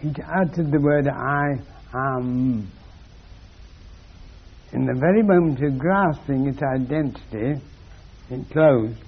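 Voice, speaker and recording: Husky guy talking real slow and deliberate, like an old lecture tape, kinda muffled. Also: mid-range voice. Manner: measured, deliberate, with long pauses. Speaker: spiritual lecturer.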